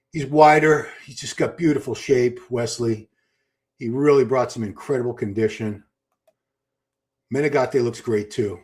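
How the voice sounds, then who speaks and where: Man, live stream host, casual enthusiastic commentary, mid-pitched voice, talks to viewers. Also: darkish tone. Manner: chatty, enthusiastic, restarts a lot. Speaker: livestream host.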